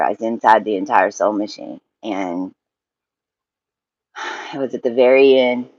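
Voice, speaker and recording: A man telling a personal story in a halting, emotional monologue, swearing freely and often restarting his sentences. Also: fairly low pitch, no room sound, highs cut off.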